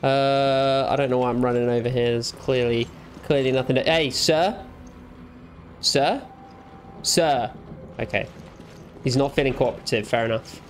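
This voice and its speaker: A man's voice: mid-range voice, fairly even intonation, normal speed, long pauses, slight background noise. A young man giving playful let's play commentary, teasing and talking back to the game's characters. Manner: jokey, teasing, talks back to game characters. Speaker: gamer.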